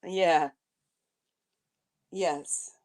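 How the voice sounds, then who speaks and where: A woman's voice: fairly low pitch, fairly even intonation, extremely slow, darkish tone. A woman co-hosting a casual livestream chat, laughing often and chiming in with apologies.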